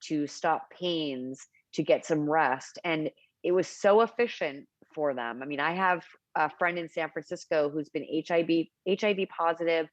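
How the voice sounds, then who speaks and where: A woman's voice: low-pitched, normal speed, no echo, dull audio. A middle-aged woman, a cannabis advocate, telling stories in an interview and acting out what people said. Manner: animated, acts out quotes in anecdotes. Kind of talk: storytelling interview chat.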